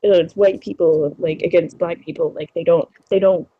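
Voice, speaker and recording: A woman talking bluntly and in an animated way in casual podcast banter. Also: lowish voice, normal speed, phone-quality sound.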